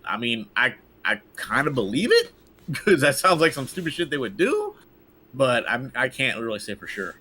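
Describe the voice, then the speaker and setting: A man hosting a casual gaming podcast, swearing freely and telling stories with lively energy. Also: mid-range voice, normal speed, a little hiss or hum. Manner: profane, animated, acts out quotes. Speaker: podcast host.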